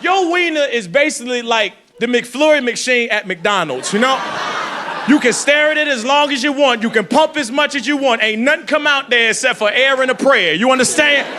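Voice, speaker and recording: A man doing a loud, animated stand-up set, full of sound effects and put-on voices. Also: very high-pitched, moderate pace, noisy background. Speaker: stand-up comedian. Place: comedy club stage. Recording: live club with crowd laughter.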